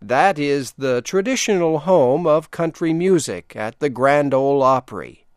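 An older man from Delaware with an Eastern Shore accent, reading a scripted radio program in a slow, deliberate way. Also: a little high, no room sound, studio quality. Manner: deliberate, measured delivery with lively intonation. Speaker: radio announcer.

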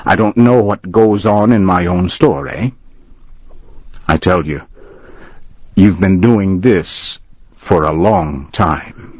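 Guy doing a little gray-haired old store owner, quiet, cold, sarcastic, low husky voice, radio storybook. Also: takes it slowly, pauses often, dry recording, dull audio.

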